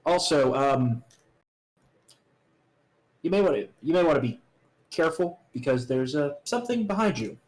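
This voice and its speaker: Man doing a cocky doctor-fighter, smug, taunting, calm, slightly raised pitch. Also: moderate pace, pauses often, close to an everyday voice.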